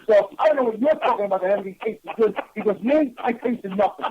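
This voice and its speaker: A man's voice: high-pitched, fast, breathy edge. A man with a New York accent hosting a radio show, telling stories in a blunt, salty, casual way. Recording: slightly muffled lo-fi radio audio.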